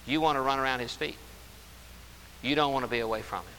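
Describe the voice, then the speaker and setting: A man preaches a sermon in a mid-range voice that sounds pushed and bright. He's emphatic, drawing out key words and repeating phrases, and the recording carries a roomy hall reverb with faint hiss.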